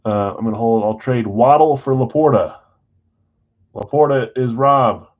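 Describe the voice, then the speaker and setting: Hosting a card break live stream, a man talks through trades at a measured pace and middle pitch, calling out buyers' names along the way. He's casual and scattered, joking at his own expense, over dull, lo-fi audio.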